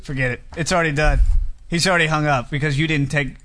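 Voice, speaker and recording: A man's voice: fairly high pitch, steady tone, fast, over loud music. A man hosting a comedy radio show, rambling and tripping over his words in loose banter.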